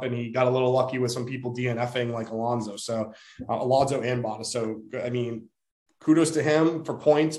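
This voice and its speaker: A man's voice: medium pitch, darkish tone. An upbeat man co-hosts a casual sports podcast. He chats easily as he runs a quiz segment. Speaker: podcast co-host.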